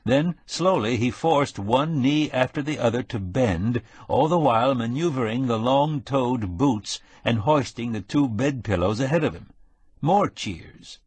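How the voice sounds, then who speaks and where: A man narrating a mystery audiobook in a measured, steady storytelling manner. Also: mid-range voice, slightly rough, no room sound. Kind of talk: scripted narration.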